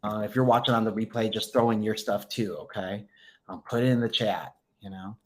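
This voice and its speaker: A man's voice: fairly low pitch, fairly even intonation, a little fast. A man hosting a spiritual direction livestream in casual chat, reading viewer comments aloud with many fillers and upbeat encouragement.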